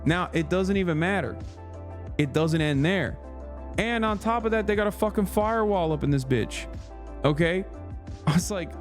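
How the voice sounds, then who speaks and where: A man's voice: high voice, lively intonation, normal speed, long pauses, faint music behind. Profane, exasperated streamer man. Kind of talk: casual livestream rant.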